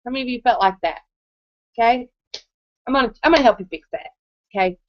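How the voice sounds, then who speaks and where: Talking fast in a fairly high voice, a woman in her thirties delivers a live motivational testimony, chatting through her story and repeatedly checking in with the audience. The recording is dull, muffled and dry, with a little hiss or hum.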